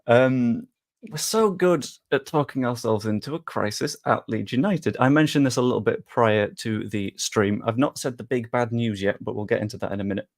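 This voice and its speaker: A man's voice: medium pitch, moderate pace. A young British man hosting a live stream, chatting casually and rambling with self-deprecating humour. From United Kingdom. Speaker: streamer and host.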